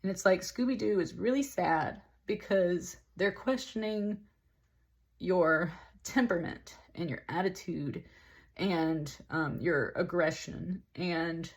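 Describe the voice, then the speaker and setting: A woman with a slightly low voice talks through a tarot reading in a casual, loose way. She rambles, fills her sentences with "like", and sometimes breaks into a laugh. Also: slow pace. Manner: rambling, heavy use of "like", with laughs. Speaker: tarot reader.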